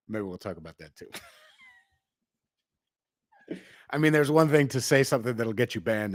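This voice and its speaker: A young man hosting a livestream, talking in a profane, slangy, swaggering way and jumping between loud outbursts and low asides. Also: lively intonation, normal speed, long pauses, no room sound, clean studio sound. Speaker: livestream host. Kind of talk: unscripted livestream rant.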